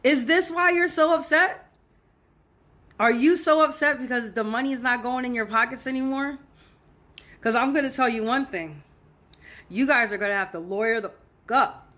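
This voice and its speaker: A woman's voice: fairly high pitch, fairly quick, a bit bright. A woman filming an angry reaction rant to camera, heated and profane, repeating her points for emphasis. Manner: heated, profane, repetitive ranting. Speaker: social media commentator.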